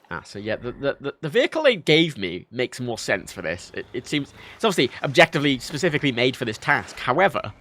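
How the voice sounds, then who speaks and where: A young man livestreaming a game, rambling and mocking himself with sudden loud outbursts. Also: medium pitch, sing-song, fairly quick, a little hiss or hum. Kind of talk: casual gameplay chat.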